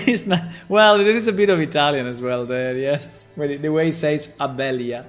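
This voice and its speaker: A man's voice: a little high, normal speed, a bit bright, faint music behind. A man who develops games, casually commenting on a live stream in a chatty, amused way with frequent restarts and repeated words.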